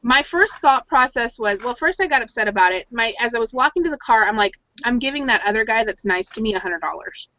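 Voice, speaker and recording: A woman's voice: a little high, lively intonation, fast, few pauses, sharp tone, no room sound. A woman co-hosting a casual chat, telling stories and acting out the voices of people she quotes. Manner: chatty storyteller, acts out quoted voices. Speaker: podcast co-host. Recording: dull lo-fi audio.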